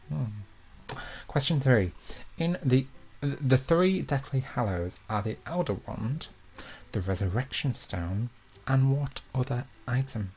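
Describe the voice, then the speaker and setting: Gravelly young man hosting a quiz. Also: mid-range voice, darkish tone. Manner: chatty, repeats each question, self-mocking asides. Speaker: quiz host. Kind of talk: hosting a live online quiz.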